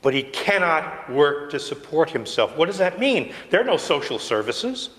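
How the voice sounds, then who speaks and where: A man's voice: on the high side, very animated, moderate pace, fairly bright tone. A male priest giving a sermon in a conversational, storytelling way, sometimes dropping to a near whisper. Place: church sanctuary. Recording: long church reverb.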